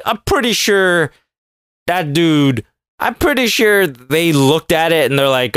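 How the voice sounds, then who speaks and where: A man delivering a casual comedic rant, sarcastic and profane, mocking people with quick put-on voices. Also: fairly high pitch, lively intonation, fairly bright tone, clear, resonant tone, no echo, clean studio sound.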